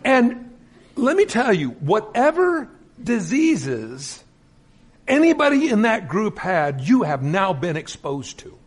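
A man's voice: sits high, slow pace, slightly rough. A middle-aged male minister preaching a sermon, telling stories and acting out the quotes in them. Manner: animated storytelling with acted-out quotes.

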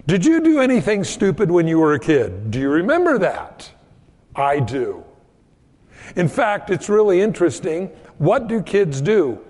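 A man preaching a sermon in a relaxed, conversational way, telling homespun stories about kids and doing quick voices for the people in them. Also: high voice, long reverb tail. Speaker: pastor.

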